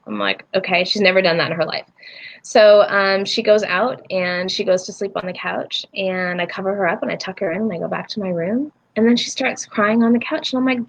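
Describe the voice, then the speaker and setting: A woman's voice: mid-range voice, brisk, creaky. A woman in her forties, a spiritual healer and interview guest, telling a personal story and acting out the voices in it. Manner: animated, acts out voices in her stories. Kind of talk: casual storytelling.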